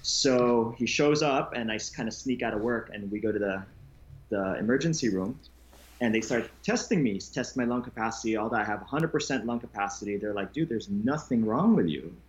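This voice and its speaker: A man being interviewed as a guest, telling his story candidly with halting restarts. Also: fairly low pitch, highs cut off. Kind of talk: casual conversation.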